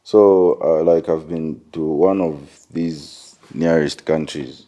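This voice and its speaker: A Zambian man speaks in a very low, mellow voice. He talks loosely and casually as an interview guest, slipping between English and Bemba and leaning on "like" and "you know". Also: takes it slowly. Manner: relaxed, loose phrasing with frequent "you know" and "like". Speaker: musician guest.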